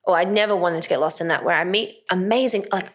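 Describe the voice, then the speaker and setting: A woman's voice: on the low side, fast. A woman, an actress and comedian, chatting casually as an interview guest and acting out voices in her stories. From Australia. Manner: animated, acts out voices when telling stories.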